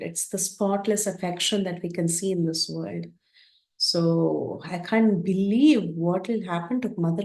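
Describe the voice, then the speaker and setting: A woman's voice: mid-range voice, darkish tone. A woman teaching a scripture class, telling the story expressively and acting out its characters, recorded in a roomy space. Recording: roomy echo.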